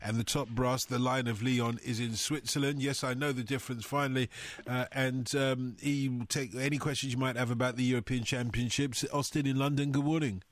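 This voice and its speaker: Radio host, man, mid-pitched, dry studio mic, playful presenter. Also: steady tone, no room sound. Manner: brisk, jokey, reads out texts and numbers. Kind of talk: live radio phone-in presenting. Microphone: studio microphone.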